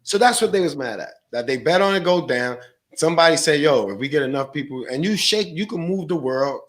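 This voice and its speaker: A man's voice: fairly high pitch, animated, a little fast. A man guest on a podcast, a stock trader, talking in a slangy, profane, rambling way. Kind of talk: casual podcast chat.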